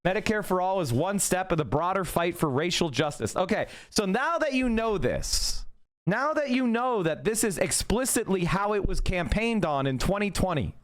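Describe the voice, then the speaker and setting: Guy streamer arguing politics, bit high voice, keeps repeating his points. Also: big pitch swings. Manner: argumentative, fast-shifting, repeats points. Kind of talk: casual livestream commentary, reacting to clips and chat.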